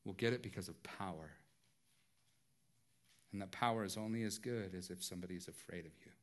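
A man preaching a sermon in a conversational way, dropping to a hush and then rising loud and intense, often asking "right?". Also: sits low, a little fast. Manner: swings from hushed to loud and intense; conversational, repeats phrases and asks "right?". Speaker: pastor.

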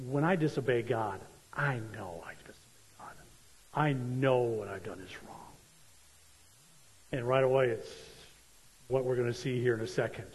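A man's voice: medium pitch, slightly rough. A male preacher delivering a sermon emphatically and repeating key points for stress. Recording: long church-hall reverb.

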